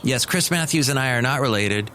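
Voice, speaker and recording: A man's voice: medium pitch, expressive, brisk, bright, forceful tone. Solo podcast host, middle-aged man, dry meandering chatter, faint hiss. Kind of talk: rambling solo comedy podcast.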